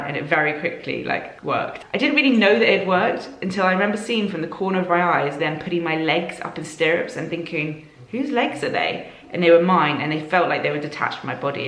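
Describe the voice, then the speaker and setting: A young woman chats to camera, recounting events in a lively, rambling way full of "like" fillers. Her voice sits a little low for a woman. The room around her is roomy and echoey. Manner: chatty and animated, frequent "like" fillers. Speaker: vlogger. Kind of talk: casual storytelling to camera.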